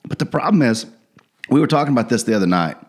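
A man's voice: mid-range voice, fast talker. A man co-hosting a podcast, chatting casually and acting out quotes as he tells stories. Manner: relaxed storytelling, acts out quotes. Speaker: podcast co-host. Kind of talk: casual chat.

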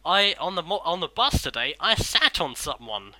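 A man's voice: on the high side, sing-song, moderate pace, bright, forceful tone, low-quality recording. A young man rambling through casual chat, swearing often and restarting his sentences.

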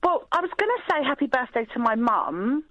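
A woman's voice: sits high, big pitch swings, a little fast, dull audio, crowd noise. A young woman co-hosting a late-night radio chat, chatty and prone to rambling. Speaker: radio co-host. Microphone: studio mic.

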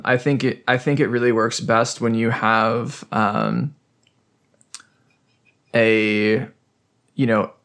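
A man at a middle pitch speaks slowly on a podcast. He thinks aloud in a hesitant, thoughtful way and fills his pauses with ums. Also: a bit bright. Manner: hesitant, thoughtful, many fillers. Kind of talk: casual chat.

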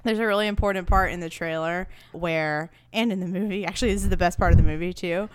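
A woman's voice: on the low side, fairly even intonation, quick pace, clean tone, dry recording. Giggly woman chatting on a movie podcast. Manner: playful, giggly, chatty storytelling. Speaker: podcast co-host. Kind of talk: casual movie podcast chat.

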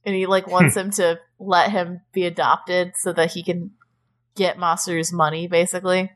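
A young adult woman co-hosts a podcast, casually recapping with animated energy, constant "like," sarcastic asides and swearing. Her voice is lowish, at a normal speed, with hardly any pauses.

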